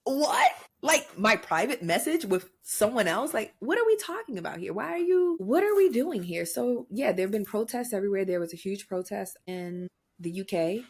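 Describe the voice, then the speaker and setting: A young adult woman co-hosting a podcast, talking in blunt, profane, animated rants in casual chat. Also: mid-range voice, moderate pace, husky. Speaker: podcast co-host.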